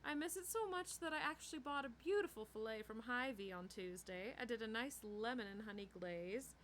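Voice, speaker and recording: A woman reader voicing a chirpy, prim vampire woman with a sunny, high voice. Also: moderate pace, slight background noise, natural voice. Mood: wistful. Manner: bright chirping voice that turns sharp.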